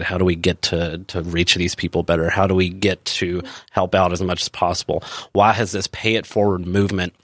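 Reflective man with a lowish voice. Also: a bit bright, no echo. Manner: reflective, rambling, self-correcting. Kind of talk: casual conversational chat.

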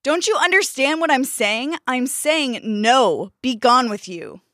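A woman's voice: medium pitch, expressive, normal speed, a bit bright, no echo, studio quality, lightly acted. A woman voicing a proud, greedy male pear farmer who scolds and dismisses people. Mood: scornful.

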